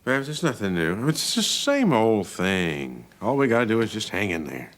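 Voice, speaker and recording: A man's voice: fairly low pitch, big pitch swings, normal speed, fairly bright tone. An actor playing a harried businessman who hesitates and stammers. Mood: soothing.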